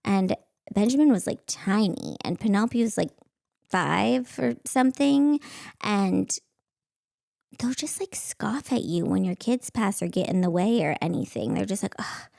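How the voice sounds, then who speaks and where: A woman's voice: medium pitch, animated, unhurried, vocal fry, a little mellow, no echo, studio quality. A woman, a podcast host and stand-up comic, telling funny stories casually, acting out voices and laughing often. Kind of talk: casual comedic storytelling.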